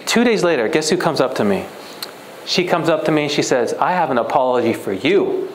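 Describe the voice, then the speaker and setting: A man's voice: fairly high pitch, big pitch swings, fairly quick, reverberant, slight background noise, rough recording. A young man, a guest speaker at a church retreat, telling a personal story in a conversational way and acting out the dialogue. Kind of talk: sermon storytelling.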